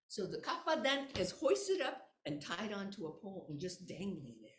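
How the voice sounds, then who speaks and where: A woman's voice: mid-range voice, sing-song, moderate pace, hardly any pauses. A woman storyteller telling a folktale expressively, with sound effects and chanting, recorded in an echoey room.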